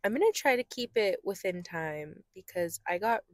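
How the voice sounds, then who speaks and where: A woman's voice: mid-range voice, animated, moderate pace, dry recording, studio quality. A woman co-hosting a podcast in casual chat, giggly and playful. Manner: giggly, playful, slips into silly accents. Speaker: podcast co-host.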